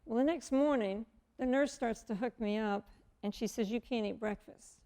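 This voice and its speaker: Woman in her 50s, guest, gravelly mellow voice, animated storyteller who acts out the dialogue. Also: fairly high pitch, moderate pace. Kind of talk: personal testimony storytelling.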